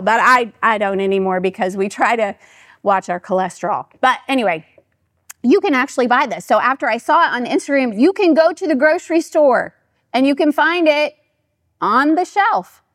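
A woman's voice: a little high, dry recording, clean studio sound. A middle-aged woman, a pastor's wife, giving a chatty storytelling talk to her church and acting out what people said. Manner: chatty and animated, acting out quoted voices.

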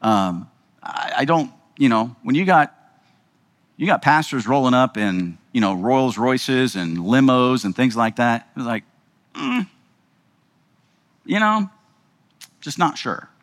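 A pastor with a medium-pitched, animated voice preaches slowly, leaving long pauses, and a long reverb tail trails his words. He keeps the sermon conversational, asking rhetorical questions and checking in with listeners with frequent "right?"

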